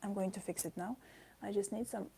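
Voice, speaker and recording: A woman chatting casually on a live stream while she draws at her desk, talking softly and thinking aloud with pauses and fillers. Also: medium pitch, steady tone, vocal fry, noisy background. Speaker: artist streaming her drawing. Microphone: camera mic.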